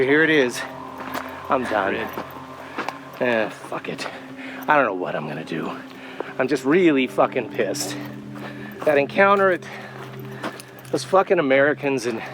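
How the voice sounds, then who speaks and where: Over background noise, a medium-pitched man talks into his handheld phone as he walks a rural pilgrimage trail. His vlog narration and walking selfie talk are frustrated, sarcastic and full of swearing.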